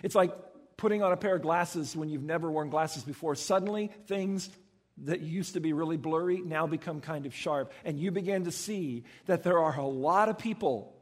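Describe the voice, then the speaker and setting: A man preaching a sermon as a pastor, telling stories in an animated way and acting out the voices of the people in them. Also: on the high side, normal speed, in a large hall. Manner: animated storytelling, acts out voices.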